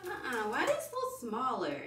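A woman's voice: a little high, moderate pace, far from the mic. A woman vlogger chatting casually and rambling through her week, telling stories with a lilt. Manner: chatty, rambling, animated storytelling. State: out of breath. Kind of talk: casual vlog chat. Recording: echoey room, voice off-mic, faint hiss.

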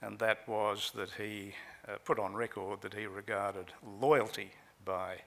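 A man giving a measured conference talk on a legal case, pausing often with fillers, speaking from a lectern microphone. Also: fairly low pitch, steady tone, gravelly, a bit bright. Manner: measured, with frequent filler pauses. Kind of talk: conference talk recounting trial transcripts. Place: conference hall.

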